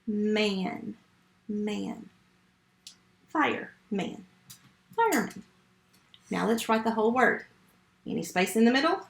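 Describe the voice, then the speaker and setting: Slow, patient woman teaching phonics. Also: mid-range voice, gravelly, roomy sound. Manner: slow, patient, step-by-step teaching to young children. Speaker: first grade teacher. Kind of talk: remote phonics lesson.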